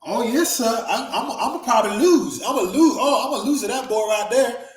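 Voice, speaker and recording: A man's voice: very high voice, brisk, a little hiss or hum, voice pushed up. A man acting out a frightened wrestler who meekly plays dumb to stay safe. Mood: pleading. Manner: meek, eager to please. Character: frightened Black wrestler playing dumb for a gunman. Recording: roomy echo.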